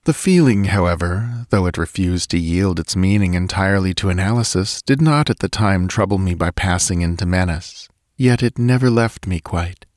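A man narrating a story in a measured, deliberate reading. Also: sits low, dry recording, clean studio sound. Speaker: audiobook narrator.

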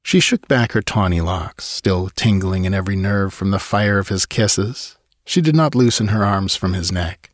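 Casting: male audiobook narrator, measured and dramatic, low pitch, dry close mic. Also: no room sound.

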